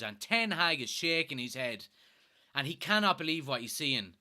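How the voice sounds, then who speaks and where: A man's voice: a little high, big pitch swings, normal speed, bright, forceful tone. An Irish man from Kilkenny hosting a live football watchalong, reading viewer comments aloud and reacting in exasperation with plenty of swearing. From Ireland. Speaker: fan watchalong host.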